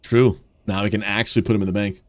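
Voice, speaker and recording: A man's voice: fairly low pitch, fast talker, no room sound. A man who streams games and works as a pastor, chatting and laughing with friends while calling out plays over a gaming mic. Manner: excitable, laughs often, calls out plays. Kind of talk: casual gaming chat with friends.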